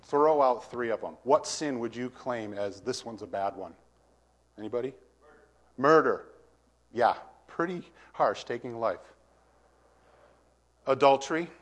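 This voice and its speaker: A man's voice: medium pitch, a bit bright. A male preacher working through a passage verse by verse. He talks with his congregation in a casual way and puts questions to them. When he reads scripture aloud, his emphasis builds. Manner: conversational, asks the congregation questions. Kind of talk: verse-by-verse sermon.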